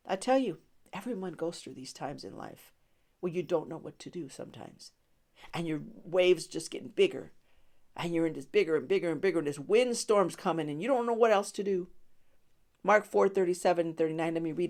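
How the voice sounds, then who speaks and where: A woman hosts a devotional podcast in a low, gravelly voice. She talks conversationally and casually, with many fillers and frequent laughter. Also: lively intonation, brisk, darkish tone. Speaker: podcast host and Bible teacher.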